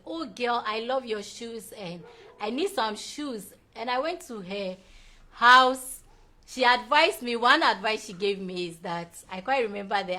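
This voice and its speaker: A woman's voice: mid-range voice, bright, forceful tone. Chatty woman hosting a show. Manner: effusive, laughs often, chatty. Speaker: show host. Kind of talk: casual live-show chat reading viewer comments.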